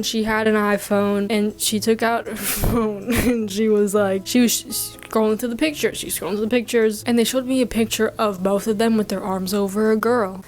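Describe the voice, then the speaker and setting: A woman in her thirties telling a comic story, rambling and breaking off with quick asides. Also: on the high side. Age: 30s. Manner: rambling, self-interrupting, giggly asides.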